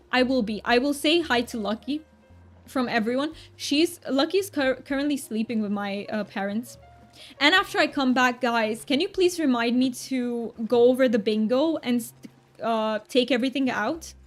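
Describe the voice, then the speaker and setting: A woman hamming up a deliberately clumsy mock British accent, bright and chirpy as she greets chat over a game. The voice sits a little high, laughing at its own attempt, with faint game music underneath. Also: full character voice. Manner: giggly, self-mocking, chatty. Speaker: streamer. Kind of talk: casual live-stream chat.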